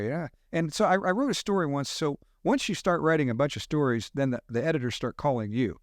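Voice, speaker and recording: Middle-aged man spinning animated hunting stories. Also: on the high side, brisk, no echo, studio quality. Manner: animated hunting yarns with sound effects. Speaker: podcast guest. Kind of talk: casual storytelling.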